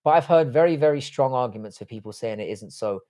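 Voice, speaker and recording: The livestream host here is a man from Cork, Ireland, with a medium-pitched, mellow voice that is animated and quick. He reads questions from viewers and answers them bluntly, full of swearing and veering between jokes and asides.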